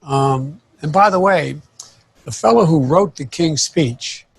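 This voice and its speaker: An older man who stutters, talking in a halting, paced way with many restarts as a panelist on a video call. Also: on the high side, vocal fry, slightly rough. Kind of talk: casual conversation on a video panel.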